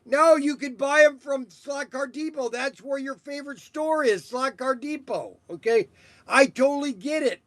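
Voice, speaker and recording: A man hosting a toy shop stream, rambling in casual chat with halting restarts and chuckles. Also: very high voice, fairly bright tone, no echo.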